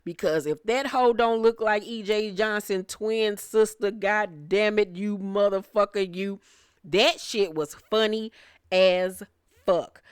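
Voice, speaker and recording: A woman's voice: lowish voice, no echo, clean studio sound. A woman giving a casual recap review of a reality show, brash and profane, laughing often.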